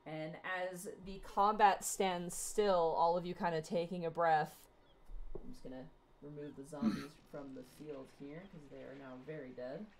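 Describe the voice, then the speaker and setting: A woman's voice: sits low, steady tone, normal speed, a little mellow, a little hiss or hum. A woman narrating as game master of a tabletop game, chatty and laughing between lines.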